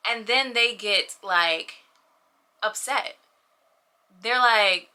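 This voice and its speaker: A woman's voice: mid-range voice, extremely slow, pauses often, sharp tone, clean tone. A young woman talking casually and animatedly to her camera in a personal vlog, often adding "you know what I mean.". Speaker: vlogger.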